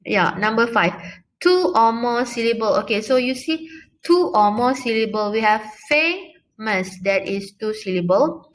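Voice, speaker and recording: A young woman teaching a recorded English grammar lesson, patiently repeating key words slowly and often pausing with fillers. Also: a little high, animated.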